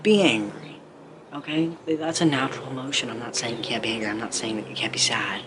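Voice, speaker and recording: A man's voice: medium pitch, a little fast. A man talking straight to camera as a motivational speaker, earnest and rambling, with lots of 'like'. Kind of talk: casual direct-to-camera talk. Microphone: camera mic. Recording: clear steady background noise.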